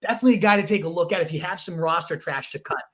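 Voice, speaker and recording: A young man co-hosting a fantasy football show, talking in casual, emphatic analysis with bursts of excitement. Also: on the high side, very fast. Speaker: fantasy football podcast co-host. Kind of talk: casual sports analysis chat.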